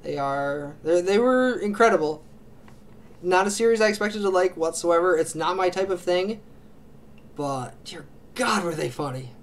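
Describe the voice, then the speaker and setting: A man's voice: high voice, expressive, moderate pace. A man hosting his own reaction channel, chatting casually and gushing through a ranking of his favorite series, rambling with lots of fillers and restarts. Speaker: anime reaction channel host.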